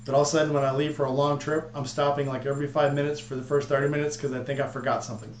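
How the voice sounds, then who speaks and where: A man's voice: a little high, level tone, racing. A man hosting a casual livestream chat, rambling and joking with friends. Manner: rambling, chatty, with frequent restarts and jokes. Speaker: livestream host. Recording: echoey room with faint hum.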